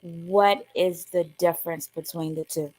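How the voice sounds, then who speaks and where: Slow, polite woman student asking a question. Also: lowish voice, steady tone, a little mellow, no room sound, poor audio.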